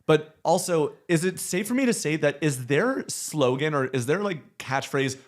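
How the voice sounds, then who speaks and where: Expressive male podcast host. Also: fairly high pitch. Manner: curious, quick to react with questions. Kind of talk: casual podcast chat.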